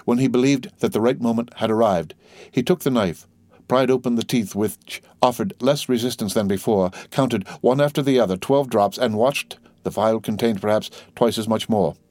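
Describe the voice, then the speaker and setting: A man narrating a classic novel in a measured, steady reading. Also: medium pitch, no room sound. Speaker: audiobook reader.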